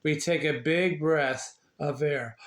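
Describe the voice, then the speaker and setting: A man reading a children's book aloud in a casual way, slow and halting, with slips, restarts and little asides. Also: fairly high pitch. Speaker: reader sharing a book. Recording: echoey room.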